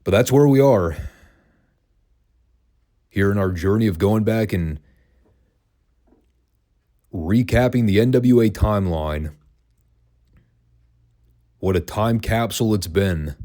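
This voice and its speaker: Man, very low voice, solo podcast host, wry and sarcastic, chatty. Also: lively intonation, slow pace, pauses often, dark tone. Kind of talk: casual commentary, solo podcast.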